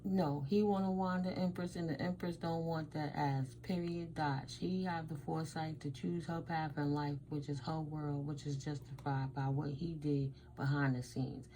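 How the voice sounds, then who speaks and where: A woman's voice: low voice, steady tone, normal speed, few pauses, dark tone, slight background noise, low-quality recording. A woman from the United States doing a casual tarot reading and telling stories, blunt and emphatic, with Spanish words mixed in. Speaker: tarot reader.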